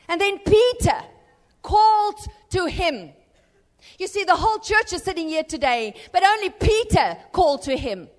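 A woman preacher giving an impassioned sermon in a church, swinging between urgent exhortation and hushed storytelling. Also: high-pitched, animated, moderate pace, in a large hall.

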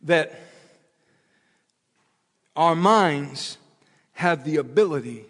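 A man preaching a sermon with passion, repeating his phrases and swinging from loud to hushed. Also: a little high, lively intonation, extremely slow. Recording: long hall reverb.

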